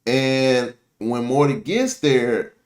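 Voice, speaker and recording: A man's voice: mid-range voice, animated, slow. A man hosting a reaction video, recapping an episode in casual, profane slang and acting out the characters' lines.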